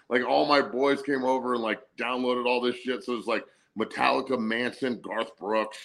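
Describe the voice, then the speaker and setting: A man's voice: mid-range voice, fairly even intonation, normal speed, gravelly, few pauses, fairly bright tone. A man in his forties co-hosting a casual sports talk show, laid-back and profane, laughing through his stories. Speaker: co-host, former college athlete. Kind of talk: casual storytelling chat.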